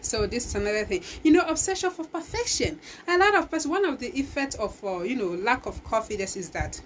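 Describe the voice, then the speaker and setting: A woman's voice: on the high side, lively intonation, brisk, a little hiss or hum, low-quality recording. Emphatic woman giving a pep talk. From Nigeria. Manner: emphatic, exhorting, with many restarts. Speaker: talk show host. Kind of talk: motivational talk.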